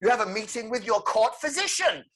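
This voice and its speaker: A man voicing a manic, theatrical male clown villain with a shrill, sing-song taunting voice. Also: very animated, fairly quick, fairly bright tone, exaggerated voice.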